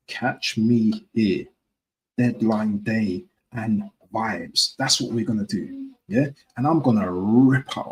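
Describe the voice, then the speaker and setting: A man who streams as a football fan talks casually to his viewers on a live stream, repeating himself and often asking "yeah?" His voice is lowish and darkish, on a rough recording.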